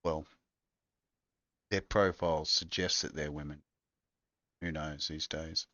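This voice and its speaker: Co-host: man, very low voice, rambling and crude, dry lo-fi sound. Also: steady tone, slow pace, pushed and bright, no room sound. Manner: rambling, crude, laid-back. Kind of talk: casual chat.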